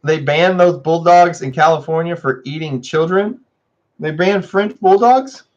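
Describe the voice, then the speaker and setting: A man's voice: a little slow, darkish tone, muffled recording. A man hosting a casual livestream, chatting with viewers and laughing often. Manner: chatty, laughs often, scolds his dogs in a high voice. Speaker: livestream host.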